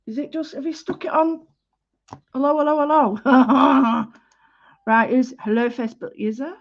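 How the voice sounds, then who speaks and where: A woman hosts a casual livestream art lesson, talking in a chatty way and interrupting herself as she goes. Her voice sits fairly high. The sound is slightly muffled, like a home stream. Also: a little slow. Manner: chatty, warm greetings, self-interrupting. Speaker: art class host.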